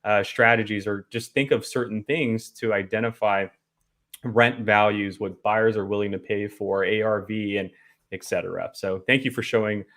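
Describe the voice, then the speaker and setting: A man appearing as a guest, casually walking through software features step by step. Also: on the low side, fairly even intonation, normal speed. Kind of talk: product demo conversation.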